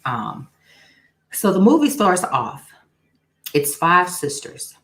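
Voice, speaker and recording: A woman's voice: on the low side, sing-song, slow pace, a bit bright, poor audio. A young woman hosting a casual live stream, greeting viewers by name and testifying about her faith. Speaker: livestream host.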